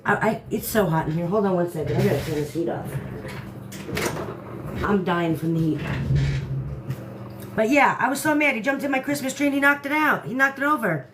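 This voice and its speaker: A woman's voice: medium pitch, fairly quick, pauses often, background noise. A woman hosting a casual live stream from home, greeting viewers by name and chatting as she reads the comments. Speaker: livestream host. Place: indoor room at home.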